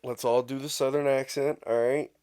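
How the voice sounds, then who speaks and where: A young man co-hosting a casual podcast, playful and quick with short quips. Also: mid-range voice, little pitch movement, warm tone, clean tone, dry recording, studio quality. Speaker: podcast co-host.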